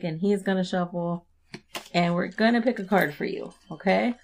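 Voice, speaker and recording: A young adult woman hosting a casual podcast and doing a tarot reading, chatty and quick to laugh. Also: lowish voice, creaky. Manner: chatty, laughs often, relaxed and warm-hearted. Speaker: podcast host and tarot reader.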